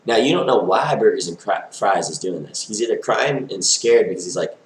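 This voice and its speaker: Low-voiced man rambling on and on. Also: lively intonation, brisk, few pauses, echoey room, slight background noise, rough recording. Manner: rambling, filler-heavy, stream-of-consciousness. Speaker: vlogger. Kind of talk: rambling monologue to camera.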